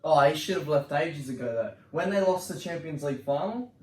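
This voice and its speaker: Higher-voiced man hosting in an echoey room. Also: expressive, distant mic. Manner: quick banter, laughs easily. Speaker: podcast host. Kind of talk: casual football chat. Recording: roomy sound from off-mic, faint noise.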